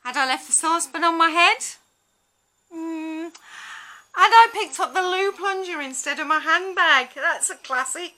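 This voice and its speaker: Bright, sarcastic woman vlogger. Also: very high-pitched, a little slow. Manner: blunt, sarcastic, swears. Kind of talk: casual storytelling monologue.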